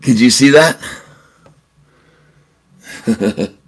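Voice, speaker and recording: A man's voice: medium pitch, drawn-out words, slightly rough. A man hosting a livestream, chatting casually and telling a joke, chuckling often. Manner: chuckles often, relaxed storytelling with fillers. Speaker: livestream host.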